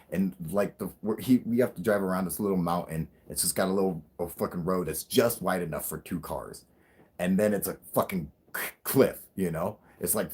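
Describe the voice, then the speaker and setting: A man co-hosting a casual live stream, telling a story excitedly and swearing constantly. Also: low voice, breathy edge.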